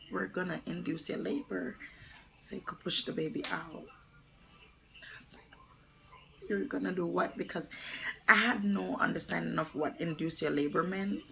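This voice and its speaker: A young adult woman telling a painful personal story to camera, close to tears, halting with many pauses and fillers. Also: lowish voice, gravelly, background noise. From New York. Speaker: vlogger.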